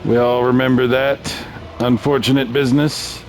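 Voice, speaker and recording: A man hosting a casual let's-play video, chatting through a racing game in a relaxed, self-mocking way. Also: mid-range voice, normal speed, slight background noise. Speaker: gaming channel host.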